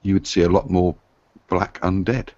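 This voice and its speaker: Man, very low voice, rambling, chatty, casual group talk, dry sound. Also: fairly even intonation, normal speed, a little mellow, dry recording. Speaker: panelist. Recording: dull lo-fi dry recording.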